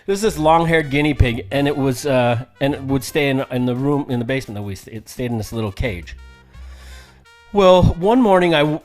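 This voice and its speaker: A man's voice: medium pitch, animated, brisk, darkish tone, soft background music. A man in his thirties, raised in Samoa, co-hosting a podcast in casual storytelling chat, rambling and laughing, with frank swearing. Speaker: podcast co-host.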